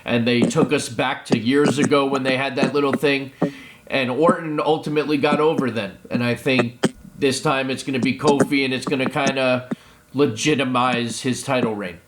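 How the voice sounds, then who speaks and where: A man's voice: mid-range voice, fairly even intonation, moderate pace. A man hosting a podcast in casual chat, laughing often and moving things along. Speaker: podcast host. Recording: noisy podcast recording.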